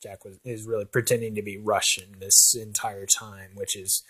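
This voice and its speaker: A man's voice: lowish voice, little pitch movement, normal speed, a bit bright, husky. A man playing a nervous brother filling in as a talk show host, rambling and stammering through hesitant stories full of fillers. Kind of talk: amateur comedy sketch.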